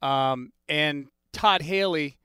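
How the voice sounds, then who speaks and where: Sports talk host, male, chatty and opinionated, crisp and slightly raised voice. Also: fairly high pitch, pushed and bright, no room sound, clean studio sound. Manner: chatty, opinionated, quick follow-up questions.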